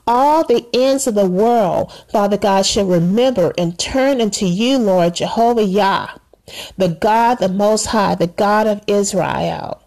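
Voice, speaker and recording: A woman's voice: medium pitch, measured pace, a little mellow. A woman praying aloud with fervor, repeating "Father God" between short phrases. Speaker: prayer leader. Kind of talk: spoken prayer.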